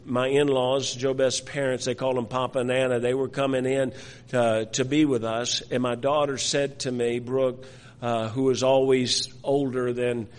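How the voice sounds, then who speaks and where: An older male pastor tells a family story in his sermon, circling back and repeating himself as he goes. His mid-pitched voice carries a long reverb from the hall. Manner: storytelling, repeats words, many restarts.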